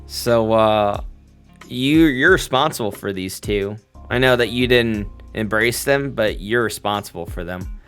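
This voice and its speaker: A man's voice: fairly low pitch, unhurried, fairly bright tone, clean tone, soft background music. A man voicing a smug, menacing male vampire prince who drawls folksy, mock-friendly threats. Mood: scolding.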